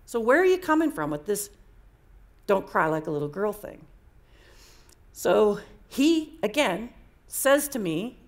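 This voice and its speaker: Her medium-pitched voice swings widely in pitch, moving at a measured pace with frequent pauses. She's a coaching speaker recounting personal stories to an audience, speaking frankly and conversationally and often repeating herself.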